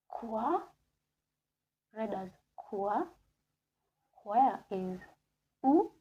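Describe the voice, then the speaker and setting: Slow, patient woman teaching a class. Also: mid-range voice, dark tone. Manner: slow, repeats words many times, mixes English and French. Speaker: French teacher. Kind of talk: classroom lesson.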